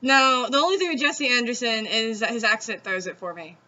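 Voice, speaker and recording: A woman's voice: a little high, a little fast, sharp tone. A woman from the Southeastern United States with a Southern accent, hosting a casual, chatty talk with laughs and free swearing. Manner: chatty, giggly, swears freely. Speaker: host. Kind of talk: casual chat. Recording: dull lo-fi sound.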